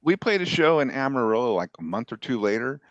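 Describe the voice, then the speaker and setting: A man's voice: medium pitch, very animated, quick pace. A man telling a profane, laid-back story in casual chat. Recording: dull lo-fi sound.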